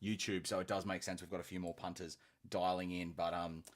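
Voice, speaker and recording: A man's voice: deep voice, little pitch movement, a little fast. A man hosting a live hobby stream, chatty and jokey, greeting viewers with slang. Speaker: stream host. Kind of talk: casual live-stream banter.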